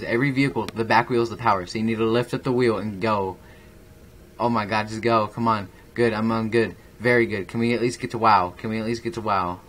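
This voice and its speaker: Talking through his gameplay, the young YouTuber rambles casually in a fairly low voice, with self-mockery and sudden excitable outbursts. There's a faint hiss beneath the audio.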